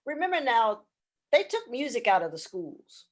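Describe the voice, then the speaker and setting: A middle-aged or older woman, a band leader and guitarist, telling her story in a casual interview, animated and full of "you know" fillers. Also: on the high side, normal speed.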